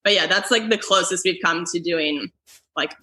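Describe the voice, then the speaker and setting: Young woman guest on a podcast, bright forceful voice, slightly low pitched, says "like" a lot. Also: moderate pace. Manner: chatty, lots of "like" fillers. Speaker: comedian and foosball player guest. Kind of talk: casual podcast chat.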